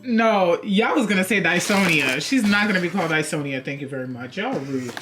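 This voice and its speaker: A woman's voice: on the low side, expressive, fairly quick, background noise. A young woman vlogging a dramatic unboxing, theatrical and sassy, chatting straight to her viewers.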